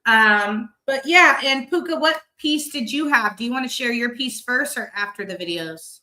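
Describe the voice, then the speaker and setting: A woman's voice: a little high, normal speed, sharp tone. A woman co-hosting a casual livestream, chatty, greeting viewers by name and running the screen. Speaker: podcast co-host.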